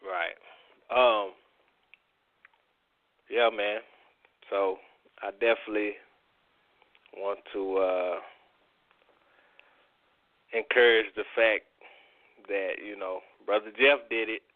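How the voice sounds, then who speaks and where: A man's voice: fairly low pitch, steady tone, slow, long pauses, dry recording. A man hosting a casual radio round-table, speaking loosely and hesitantly with many fillers. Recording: dry tinny phone line.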